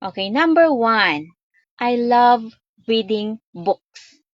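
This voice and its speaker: A woman with a Filipino accent giving a grammar lesson as a student teacher, speaking deliberately and opening most phrases with "okay", mixing English and Tagalog. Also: a little high, lively intonation, no echo, dull audio. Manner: switches between English and Tagalog.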